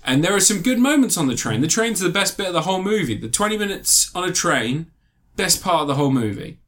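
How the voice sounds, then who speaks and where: A man's voice: sits high, big pitch swings, fast, a bit bright. A man animatedly recapping a film in casual chat, swearing and laughing often.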